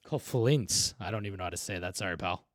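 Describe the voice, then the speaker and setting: Wry, profane podcast co-host. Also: male voice, low voice, quick pace, no echo, clean studio sound. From Canada. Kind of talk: casual chat, reading fan comments.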